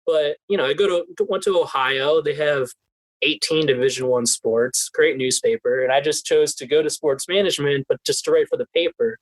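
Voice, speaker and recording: A young adult man being interviewed as a guest in a casual chat, animated and laughing often as he restarts his sentences. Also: a little high, normal speed, no echo, poor audio. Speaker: guest, team PR specialist.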